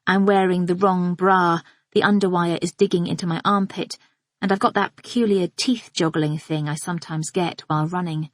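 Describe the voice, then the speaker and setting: A woman reading a first-person thriller in a measured, observant, inward manner. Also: fairly low pitch, steady tone, no echo, studio quality. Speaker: audiobook narrator. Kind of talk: scripted first-person narration.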